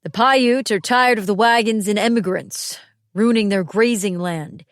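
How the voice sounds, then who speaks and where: A woman voicing a smooth, calculating male militia general in an audiobook, speaking in a measured, coolly persuasive, folksy way. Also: medium pitch, no echo, studio quality, close to an everyday voice. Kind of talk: audiobook character reading.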